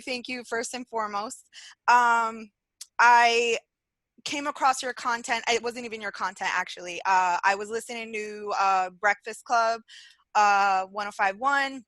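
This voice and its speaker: Female caller, 30s, bright slightly high voice, eager and rambling. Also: unhurried, no echo. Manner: excited, rambling, with many fillers. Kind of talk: excited call-in chat.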